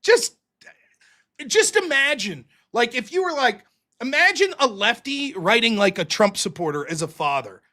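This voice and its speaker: Animated, profane man hosting a livestream. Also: very high-pitched, moderate pace. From United States. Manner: profane, rambling, jokey. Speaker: livestream host. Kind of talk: casual livestream commentary.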